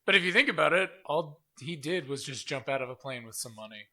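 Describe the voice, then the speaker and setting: A man's voice: a little high, animated, quick pace, pushed and bright. A young man co-hosting a podcast, chatting casually and teasing his friend. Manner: teasing, laughs often. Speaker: podcast co-host. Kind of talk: casual chat.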